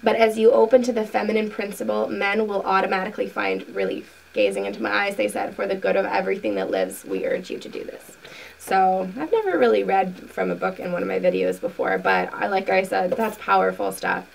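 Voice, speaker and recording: A woman hosting a spiritual video, reading a book passage aloud slowly and earnestly, then talking casually to her viewers. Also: mid-range voice, animated, gravelly, recorded from a distance, poor audio. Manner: slow, soft, earnest reading with asides.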